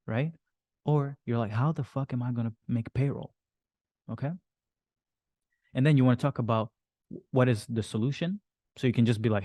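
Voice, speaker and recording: A man's voice: medium pitch, fairly even intonation, fairly quick, dark tone, dry recording. A man teaching a business course on a group call, rambling and swearing, acting out his clients' inner worries. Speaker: business coach.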